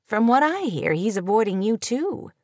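A woman reading an audiobook, voicing an eager, sly older woman teacher who gossips in a soft, hushed way. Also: a little high, big pitch swings, normal speed, no echo. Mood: gossipy.

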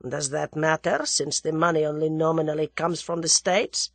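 Curt plotter guy voiced by a woman, flat and businesslike, dry. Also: sits low, moderate pace, no room sound. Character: plotting Russian agent Boris, curt man.

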